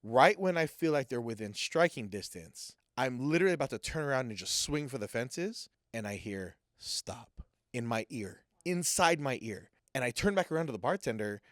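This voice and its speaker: A man telling a personal story in a casual, animated way, acting out what people said. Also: mid-range voice, brisk, few pauses, dry recording, studio quality. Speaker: guest sharing a personal testimony.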